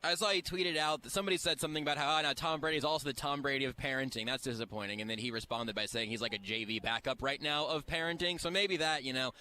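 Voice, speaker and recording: A man's voice: mid-range voice, bright, forceful tone, slight background noise. A man hosting a radio show from a busy event floor, talking eagerly and restarting his sentences often. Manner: rapid, eager talker with stammered restarts. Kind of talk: casual radio chat.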